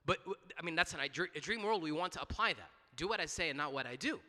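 A man's voice: fairly high pitch, lively intonation, fast talker, bright, forceful tone, long reverb tail. A man preaching a sermon in a church, talking conversationally with frequent restarts, repeated words and asides of "right?".

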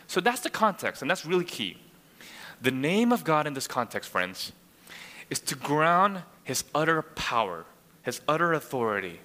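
A man's voice: on the high side, very animated, moderate pace, bright, forceful tone. A man preaching a sermon who explains scripture verse by verse and keeps asking the room rhetorical questions. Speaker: pastor. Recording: long hall reverb.

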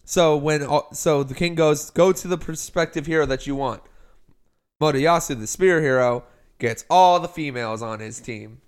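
His voice sits on the high side, clear and resonant, at a normal speed. He's a podcast co-host in easygoing conversation, meandering through a plot summary and repeating what the characters said.

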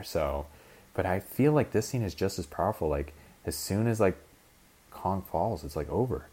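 A man's voice: deep voice, expressive, moderate pace, dark tone, slightly rough. A young man hosting a solo podcast, rambling casually with lots of fillers, swearing, and acting out scenes as he retells them. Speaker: podcast host. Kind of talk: casual rambling film chat.

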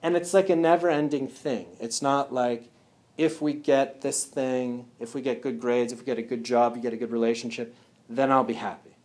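A man's voice: mid-range voice, steady tone, moderate pace, a little mellow. A man speaking casually to a live audience at a wellness talk. He often checks in with "yeah?" and "right?".

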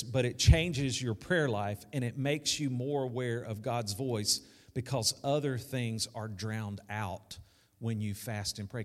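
A man preaching a sermon as pastor, conversational, repeating key lines and calling out to the congregation. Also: mid-range voice. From South Arkansas. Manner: conversational preaching with repetition and call-outs. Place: church sanctuary. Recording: echoey church hall.

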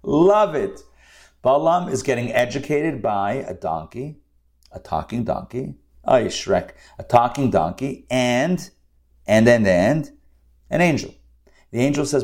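A male Bible teacher reads scripture and explains it in a loose, conversational way. He breaks off into joking asides and repeats his points for emphasis. His voice sits at an average pitch for a man. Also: expressive, takes it slowly. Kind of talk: scripture lesson with commentary.

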